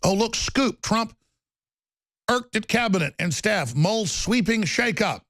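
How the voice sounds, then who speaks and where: Gravelly heated male talk host. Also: sits high, lively intonation, fairly bright tone, dry recording. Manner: rapid, heated, repetitive, stammering restarts. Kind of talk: heated political talk show rant.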